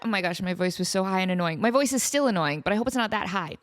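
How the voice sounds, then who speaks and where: A woman in her thirties hosting a podcast in casual chat, animated and joking at her own expense. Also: mid-range voice, fast, few pauses. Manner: animated, self-mocking, joking. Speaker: podcast host.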